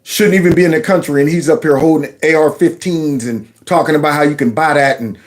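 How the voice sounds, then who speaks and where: A man's voice: a little high, brisk. A man giving casual, mocking commentary on a video clip. He talks sarcastically and addresses his viewers as y'all.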